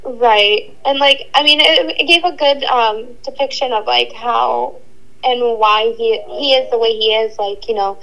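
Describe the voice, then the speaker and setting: A woman calling in as a podcast guest, speaking haltingly with many restarts and likes over a phone line. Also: a little high, fairly bright tone. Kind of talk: casual chat. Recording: phone call with faint noise.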